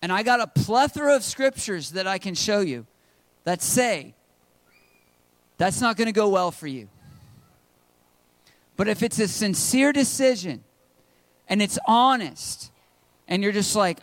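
A man's voice: high-pitched, expressive, measured pace, pauses often, fairly bright tone, dry recording. A man preaching a sermon to his congregation in a conversational, joking way. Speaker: pastor. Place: church service.

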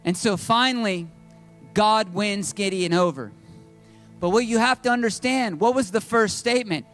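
A man's voice: sits high, normal speed, fairly bright tone, soft background music. A man preaching a sermon to his congregation in a conversational, joking way. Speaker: pastor. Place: church service.

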